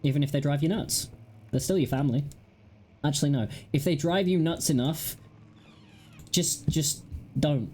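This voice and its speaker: A woman's voice: sits low, moderate pace, long pauses, mellow, husky. A woman hosting a gaming video, chatting casually and giggling with wry asides as she plays. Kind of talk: casual let's-play commentary.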